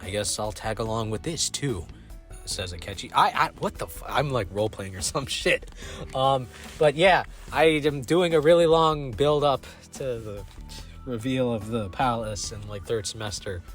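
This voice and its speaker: A man's voice: mid-range voice, moderate pace, faint music behind. Young man rambling casually about a game. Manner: rambling, chuckling, self-interrupting. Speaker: video host. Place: small closet.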